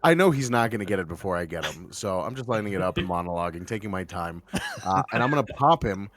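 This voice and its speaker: A man describing his character in a casual tabletop game, relaxed and halting with frequent ums. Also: low voice, noisy background. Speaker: player.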